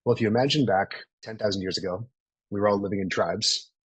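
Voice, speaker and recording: A man's voice: fairly low pitch, fast, husky, dry recording, low-quality recording. A man in his thirties coaching a group in a live online training, casual and profane, always checking in with "right?". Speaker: sales coach.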